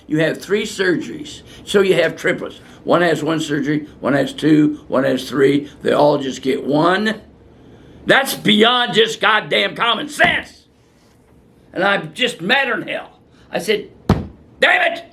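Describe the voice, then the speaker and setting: A man's voice: a little high, gravelly, fairly bright tone, a little hiss or hum. An older male physician answering viewer questions in a blunt, fiery and profane way, ranting at length. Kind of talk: unscripted question-and-answer talk.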